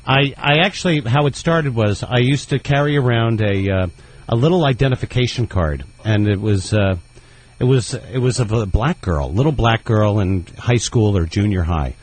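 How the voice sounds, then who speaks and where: A man's voice: fairly low pitch, normal speed, a little hiss or hum, poor audio. A man, a comedian guest, telling a rambling, self-deprecating story on a radio show and laughing at his own jokes. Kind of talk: casual radio interview storytelling.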